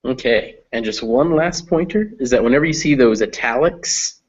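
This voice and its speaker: A man teaching English pronunciation in an online reading class, explaining patiently and modeling words slowly. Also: mid-range voice, highs cut off.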